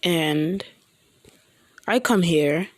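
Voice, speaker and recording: A woman's voice: fairly low pitch, very slow, dry recording. Woman voicing an eager goddess girl. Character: eager young goddess girl seeking a husband.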